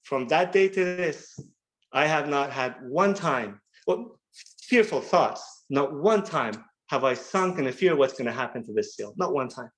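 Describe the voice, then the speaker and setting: A man's voice: on the high side, lively intonation, normal speed, fairly bright tone, low-quality recording. Earnest man sharing his recovery story. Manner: earnest, repeats words and restarts often. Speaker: recovery workshop speaker. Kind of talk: personal recovery share.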